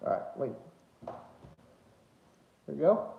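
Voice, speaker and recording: A man's voice: slow, a little hiss or hum. A man chatting casually while eating on a livestream, rambling with many fillers and a bit out of breath. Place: home room with dogs nearby. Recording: echoey room, dull lo-fi sound.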